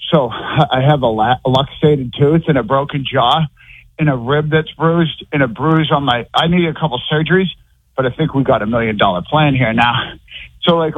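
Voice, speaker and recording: A man phones into a talk show and rambles on, stringing his thoughts together with endless "like"s. His voice is on the high side. He comes through a thin, tinny phone line with a dry sound. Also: no room sound. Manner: rambling, heavy use of "like". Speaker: caller. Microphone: telephone.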